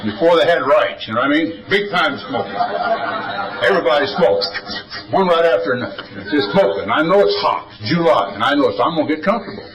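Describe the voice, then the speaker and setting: A man's voice: on the high side, lively intonation, fast, roomy sound, distant mic, low-quality recording. An older man speaking at a recovery meeting, telling stories in a folksy, wisecracking way. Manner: folksy, wisecracking, drawling storyteller. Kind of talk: storytelling talk at a recovery meeting.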